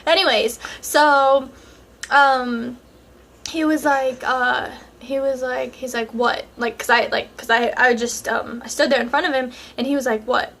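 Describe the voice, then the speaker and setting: A woman's voice: high-pitched, steady tone, a little slow, fairly bright tone. A young woman vlogger telling a personal story in casual, chatty speech full of fillers, speaking straight to her viewers. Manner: chatty, many fillers, addresses viewers directly.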